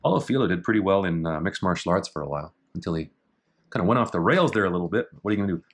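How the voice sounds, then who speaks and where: A middle-aged man casually talking through techniques in a martial arts book, with dry offhand asides and slow, halting reading of foreign terms. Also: sits low, animated, a little hiss or hum. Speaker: jiu-jitsu instructor reviewing a technique book. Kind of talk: casual commentary.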